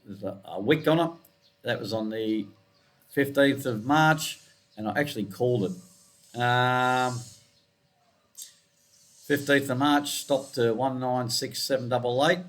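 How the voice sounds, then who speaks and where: In a relaxed screencast, a male forex analyst goes over trading charts, rambling with self-corrections and muttered asides. He speaks in a mid-range, slightly bright voice.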